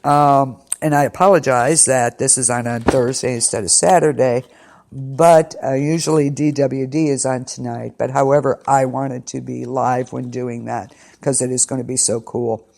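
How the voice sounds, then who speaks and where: A woman's voice: very deep voice, steady tone, moderate pace, creaky, a little mellow. A woman hosting an internet radio show, rambling through a casual rundown of upcoming shows with lots of ums and restarts. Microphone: studio mic, pre-recorded.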